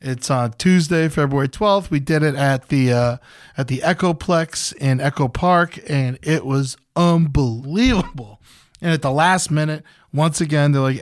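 A man's voice: fairly high pitch, moderate pace, no echo, studio quality. A young adult man telling a long story in a loose, casual way, swearing freely and rambling through restarts. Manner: loose and profane, jumps into loud hype-man shouting when retelling. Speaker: podcast host.

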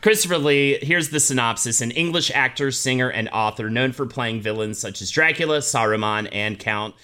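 A man's voice: medium pitch, normal speed, smooth. A man hosting a casual podcast, narrating a biography with jokes. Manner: animated, joking. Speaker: podcast host.

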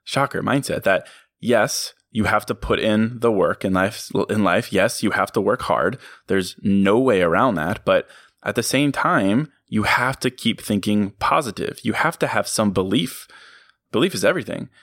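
A man's voice: lowish voice, normal speed, fairly bright tone, no echo. A man hosting a podcast, giving an earnest, reflective motivational monologue and chuckling at himself now and then. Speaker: podcast host.

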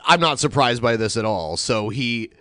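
Male co-host, mid pitch, dry studio mic, explains and corrects in casual banter. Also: expressive, moderate pace, pushed and bright, no room sound.

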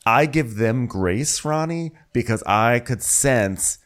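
A man's voice: mid-range voice, takes it slowly. A man co-hosting a podcast, chatting casually over a video call, laughing often and acting out scenes. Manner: animated, laughs a lot, acts out cast members. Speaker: podcast co-host. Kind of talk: casual recap chat. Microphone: remote video call.

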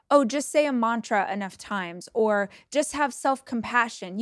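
A woman in her forties hosts a motivational podcast in a blunt, energetic voice and swears now and then. Her voice sits a little high. The close mic gives a dry sound with no room echo. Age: 40s. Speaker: podcast host.

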